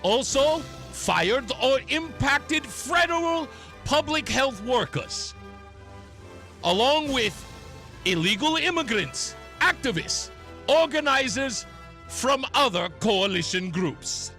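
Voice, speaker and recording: A man putting on a gloating Soviet-style announcer with a thick Russian accent, high and bright, swooping up and down. He drawls each phrase out slowly, mocking and theatrical, in a dry close radio sound. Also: animated, faint music behind, full character voice. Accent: put-on Russian accent. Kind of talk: talk radio parody bit.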